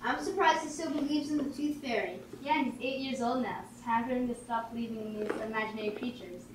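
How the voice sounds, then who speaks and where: A woman whispering as a hushed, doubting parent. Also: a little high, fairly even intonation, quick pace, slight background noise, voice pushed down, close to an everyday voice. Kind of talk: whispered role-play. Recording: echoey room, distant mic.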